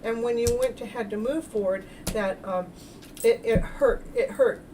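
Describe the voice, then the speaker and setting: Woman, self-love coach, livestream chat, halting and expressive, fairly high voice, a little off-mic with faint noise behind. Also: distant mic. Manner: animated storytelling, acts out her own past thoughts with loud exclamations; halting, repeats and restarts words. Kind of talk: livestream talk to chat viewers.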